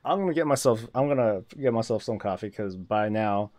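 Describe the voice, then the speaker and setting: A man's voice: fairly low pitch, lively intonation, a little fast, darkish tone. A man chatting casually on a gaming livestream, rambling, restarting his sentences and laughing often.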